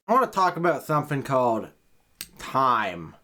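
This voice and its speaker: Animated and measured, a man with a slightly high, darkish voice films a comedic rant packed with swearing. He rambles in exasperation, repeatedly halting and picking the thread back up.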